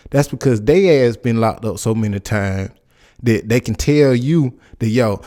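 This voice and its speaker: A man in his forties talks into his podcast mic, loose and rambling as he comments and tells stories from his own life. His pitch sits mid-range for a man, and he restarts his sentences often as he goes. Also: a little slow, warm tone. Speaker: podcast host. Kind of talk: casual commentary and personal storytelling.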